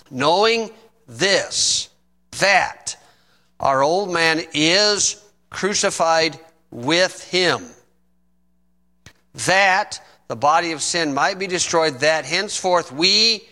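A middle-aged man preaching a sermon, reading scripture slowly and adding folksy asides. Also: a little high, animated, sharp tone. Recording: long reverb in a hall.

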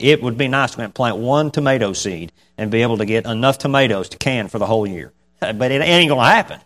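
A man's voice: medium pitch, a bit bright. A man preaching a casual, folksy sermon. He reads scripture and then talks it through in a conversational way, chuckling between points.

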